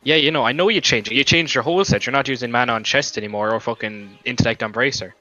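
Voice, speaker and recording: A young man argues over a gaming voice chat, talking in long, rambling runs and swearing freely. His voice is bright and sharp. The lo-fi headset sound has some faint music behind it. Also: mid-range voice, fast talker. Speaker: gamer in voice chat. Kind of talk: heated voice chat argument.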